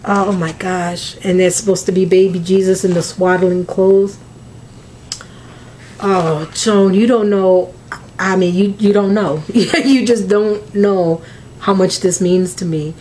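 A woman's voice: medium pitch, steady tone, slow pace, warm tone, a little hiss or hum. A woman, opening mail on a crafting vlog, gushing and emotional, close to tears. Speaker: crafting vlogger.

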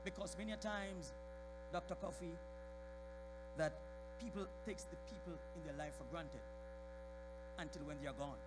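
Amid a very noisy background, a man delivers a sermon in a church sanctuary at normal speed with long pauses. He goes from quiet speech to shouting at the peaks and calls on people in the congregation by name.

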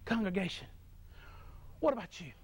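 Man, preacher, very high voice, fervent sermon, repeats phrases, frequent restarts. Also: very animated, moderate pace, slightly rough.

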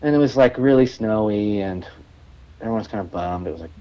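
Man, low voice, husky, casual interview guest, repeats himself, swears, muffled lo-fi sound. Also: brisk, mellow. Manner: rambling, stammers and restarts, swears casually. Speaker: musician guest.

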